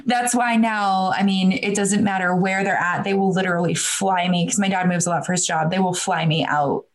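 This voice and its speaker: A woman's voice: lowish voice, fairly even intonation, moderate pace, poor audio. A woman from the Midwest, a podcast guest on a video call, telling a story in a chatty way with many fillers and restarts. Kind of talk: casual storytelling.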